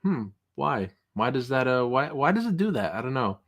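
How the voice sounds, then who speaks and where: A man's voice: sing-song, moderate pace, a bit bright. A man hosting a casual livestream, reading chat comments aloud with jokey mock outrage. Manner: jokey, mock-outraged, rising pitch when protesting. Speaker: livestream host.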